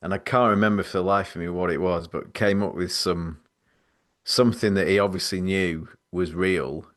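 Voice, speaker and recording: A man on a podcast telling stories in a loose, rambling way. He speaks in a lowish voice, laughs easily and pokes fun at himself. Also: fairly even intonation, normal speed. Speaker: podcast host. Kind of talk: casual storytelling chat.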